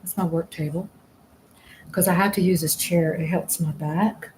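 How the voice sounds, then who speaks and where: A woman's voice: fairly low pitch, fairly even intonation, moderate pace, darkish tone, slight background noise, rough recording. A woman hosting a casual live stream, chatting in a rambling way, laughing often and trailing off mid-sentence. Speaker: livestream host. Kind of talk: casual live chat while working.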